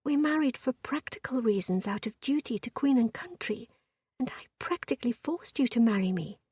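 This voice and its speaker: A woman voicing a timid, sheltered young noblewoman who speaks softly, half in a whisper, in a storybook reading. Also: fairly high pitch, normal speed, husky, no room sound, clean studio sound. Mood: hesitant.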